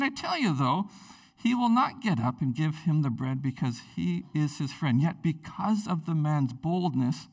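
Excitable, high-voiced preacher man. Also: measured pace, distant mic. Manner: excitable, chatty, animated. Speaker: pastor. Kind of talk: casual sermon.

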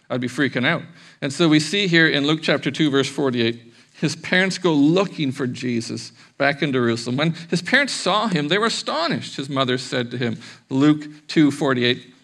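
Bright gravelly-voiced male pastor preaching. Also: medium pitch. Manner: chatty, animated preaching with playful acted-out quotes. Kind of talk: sermon.

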